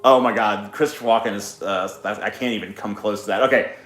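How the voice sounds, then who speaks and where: A man's voice: lowish voice, fairly even intonation, a little fast, fairly bright tone, slight background noise. A man streaming casually, swearing a lot and poking fun at himself, in an echoey room. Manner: swears a lot, self-mocking, laughs often. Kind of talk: casual live stream chat.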